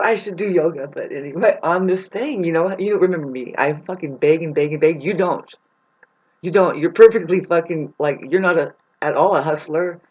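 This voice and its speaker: A woman's voice: on the low side, husky. A woman in a rambling, profane spiritual monologue, laughing often as she talks. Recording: muffled lo-fi recording.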